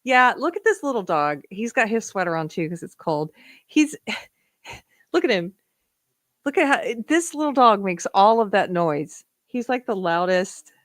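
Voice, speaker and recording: A woman's voice: medium pitch, very animated, measured pace, no echo, studio quality. A woman from the southern United States hosting a livestream, chatting casually, laughing often and talking to her dog. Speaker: livestream host. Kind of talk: casual livestream chat reading viewer comments.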